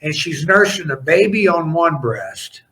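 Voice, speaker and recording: A middle-aged former wrestler tells his stories in an interview, animated and rambling, often breaking off to restart a sentence. His voice sits a little high for a man and has a bright, forceful edge. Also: measured pace, rough recording. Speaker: podcast guest, former pro wrestler. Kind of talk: storytelling in a casual interview.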